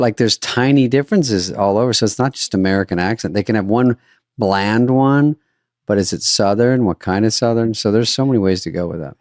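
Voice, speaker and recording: Low-voiced, wry male podcast co-host. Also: brisk, darkish tone, no room sound, studio quality. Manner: easygoing and wry, short agreeing replies. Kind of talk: casual chat.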